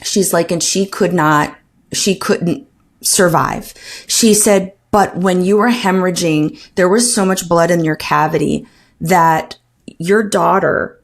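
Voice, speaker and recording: A woman with a lowish voice tells her own story on a podcast. She speaks earnestly and with feeling, stopping and restarting often. She acts out what others said to her. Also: takes it slowly, creaky. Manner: earnest, emotional retelling with many restarts and quoted dialogue. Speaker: podcast guest. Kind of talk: personal storytelling in an interview.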